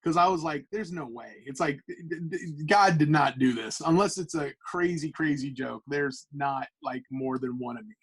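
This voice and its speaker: A man, a comic book artist guest, telling stories in casual podcast chat with animated, stammering restarts. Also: fairly high pitch, moderate pace, few pauses, husky, low-quality recording.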